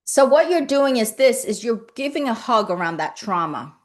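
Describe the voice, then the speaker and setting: A woman hosting a live-streamed motivational talk as a spiritual coach, speaking in gentle, repeated affirmations and greeting viewers by name as she reads their comments. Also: on the high side, very animated, normal speed. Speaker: spiritual coach and livestream host.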